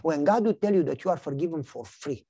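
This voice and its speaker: Animated woman preaching a parable. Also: quick pace, breathy edge, no echo. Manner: animated storytelling, voices characters with big pitch swings. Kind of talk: sermon with acted-out parable.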